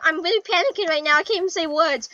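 High, bright excitable young woman gamer. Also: fast, highs cut off, a little hiss or hum. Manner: excitable, chatty, panicky yelling. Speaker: gaming channel host. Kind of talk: casual gameplay commentary.

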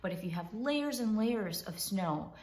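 A woman's voice: medium pitch, expressive, measured pace, darkish tone. A woman with a mid-range voice hosts a ministry talk, earnest and encouraging toward her listeners. Her voice rings in a roomy, echoing space. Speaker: host.

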